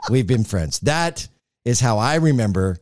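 Male podcast host, ex-radio personality, lively storyteller, close dry studio mic, mid pitch. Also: measured pace, no echo. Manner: animated, acts out quotes in a raised voice. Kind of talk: casual storytelling interview.

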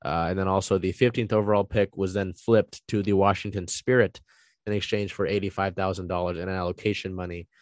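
Man, lowish voice, dry close sound, casual solo recap with lots of filler words. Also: flat delivery, a little fast, no room sound. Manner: conversational, frequent ums and uhs, thinking aloud.

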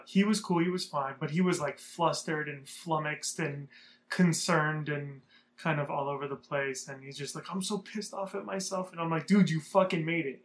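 A man's voice: on the high side, fairly bright tone. A young man from Southern California telling a rambling, profane story in a casual vlog. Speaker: vlogger.

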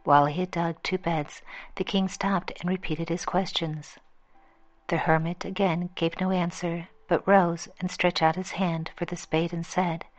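A woman's voice: lowish voice, level tone, unhurried. A woman steadily reading a fable aloud as its storyteller.

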